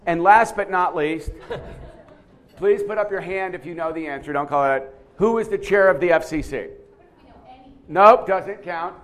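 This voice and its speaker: A man with a slightly high voice runs a quiz for a seminar audience in a conference room. He talks in an animated lecture style, asking questions, calling on people and repeating words as he thinks. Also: a little slow, pauses often. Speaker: seminar speaker running a quiz.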